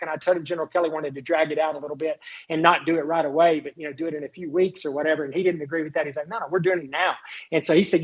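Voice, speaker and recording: A man, a guest on an interview show, telling a long anecdote in an animated way, quoting others and restarting sentences. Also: fairly high pitch, breathy edge, dull audio. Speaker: guest, congressman and former White House doctor. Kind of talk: storytelling in an interview.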